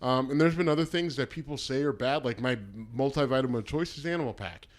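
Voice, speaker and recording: A man's voice: mid-range voice, fast. A man co-hosting a casual podcast, talking bluntly and throwing in crude jokes. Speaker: podcast co-host. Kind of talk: casual chat.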